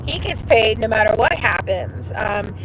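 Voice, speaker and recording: A woman with a high voice hosts a casual livestream while riding along in a car. She tells her story with animation, acting out what other people said and cursing freely. Steady road noise from the car runs behind her. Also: a little slow. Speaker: show host. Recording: noisy car interior.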